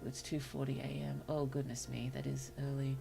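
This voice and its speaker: A woman streamer reading short stories aloud to her chat, slow and careful, with apologetic asides between passages. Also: extremely low pitch, flat delivery, vocal fry, warm tone, faint music behind. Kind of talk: story reading on a livestream.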